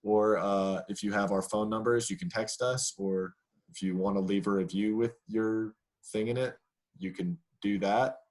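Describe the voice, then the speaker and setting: A man's voice: lowish voice, fairly even intonation, normal speed, darkish tone. A young man hosting a casual podcast, talking with many fillers and restarts. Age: young adult. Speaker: podcast host.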